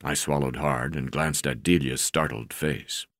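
Low-voiced man, reads his own memoir plainly, stumbles and fills pauses, dry close sound. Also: steady tone, fairly bright tone, no echo. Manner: unpolished reading with frequent uh fillers and restarts. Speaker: narrator reading his memoir. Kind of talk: reading a memoir aloud.

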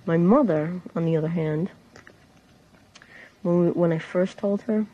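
Dull audio captures a teen girl, seventeen, keeping a personal audio diary. She speaks in a dark, low-leaning voice at an unhurried pace, wandering casually through her life with many fillers and restarts.

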